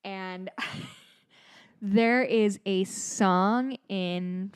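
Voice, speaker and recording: A woman in her thirties co-hosts a podcast in loose, easy conversation. She rambles from point to point, drops in a swear word, and keeps undercutting herself. Her voice sits at an ordinary middle pitch. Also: drawn-out words, clear, resonant tone. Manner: rambling and chatty, with swearing and self-deprecating asides. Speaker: podcast co-host. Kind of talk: casual chat.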